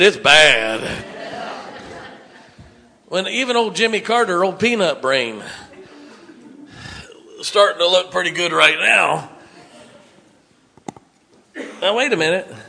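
Bright-voiced folksy preacher man. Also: fairly high pitch, gravelly. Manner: folksy, joking and blunt. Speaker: pastor. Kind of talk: sermon.

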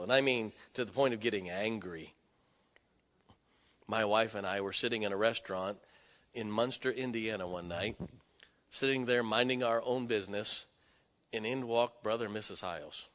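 A man preaching a sermon, telling personal stories with emphatic, animated delivery. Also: fairly low pitch. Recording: long hall reverb.

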